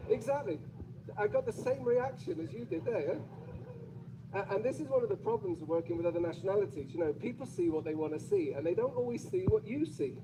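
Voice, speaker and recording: Man with a British accent, public speaker, playful and audience-teasing; slightly high voice, noisy playback. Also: lively intonation, fast. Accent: British English. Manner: chatty, playful, asks the audience questions. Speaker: conference speaker.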